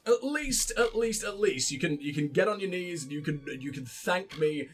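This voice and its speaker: A man hosting a let's play and commenting on the game in a sarcastic, sweary, excitable way. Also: sits high, normal speed, husky. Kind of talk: gameplay commentary.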